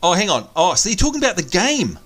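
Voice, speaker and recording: A man hosting a gameplay video with casual, excitable, teasing chatter. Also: high-pitched, fast talker, background noise. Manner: excitable, teasing, laughs often. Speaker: let's play host. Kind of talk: casual gaming commentary.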